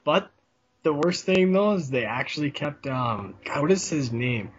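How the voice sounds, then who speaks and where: A man's voice: fairly high pitch, animated, a little slow, a little hiss or hum. A man chatting casually on a podcast, joking and mocking with a playful manner. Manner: joking, mocking, does whiny impressions. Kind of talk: casual chat. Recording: dull lo-fi sound.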